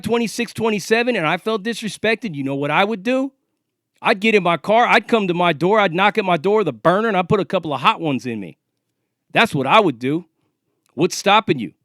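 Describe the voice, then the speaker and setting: Forties guy ranting and cussing out some rival, kinda high voice, real dry close sound. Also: a bit bright, no room sound. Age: 40s. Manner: confrontational, profane, taunting. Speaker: vlogger. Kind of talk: ranting monologue to camera.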